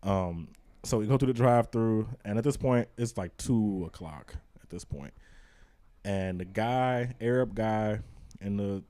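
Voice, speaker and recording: A man with a low, warm voice tells a story in loose, casual podcast chat. He swears freely and acts out the people in his tale as he goes. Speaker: podcast host.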